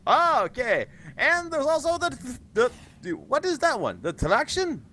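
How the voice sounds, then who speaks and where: A man's voice: very high voice, huge pitch swings, a little slow, bright, forceful tone, slight background noise, exaggerated voice. A man doing a grand old vampire Count. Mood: rambling. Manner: grand put-on foreign accent, sweeping exclamations. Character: ancient male vampire count, theatrical and fussy. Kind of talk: voice chat role-play on a game stream.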